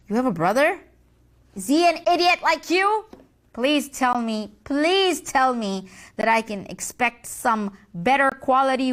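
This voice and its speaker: A woman's voice: high-pitched, a bit bright. A woman playing a gloating, scornful devil boss. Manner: gloating, scornful, theatrical whispers. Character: boastful scheming devil boss, mocking and bossy. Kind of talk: comedy sketch acting.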